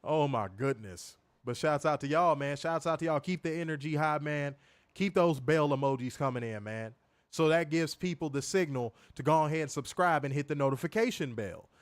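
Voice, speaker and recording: Man, wrestling review livestream, slightly high voice, dry close sound, casual and profane, repeats lines. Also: moderate pace, no echo. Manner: loose, profane, repeats himself, reads chat aloud.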